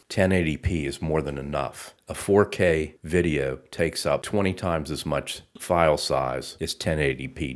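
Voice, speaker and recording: A man with an extremely deep voice talks through a narrated slideshow tutorial on camera equipment. He keeps a steady, explanatory delivery from slide to slide. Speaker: research group presenter.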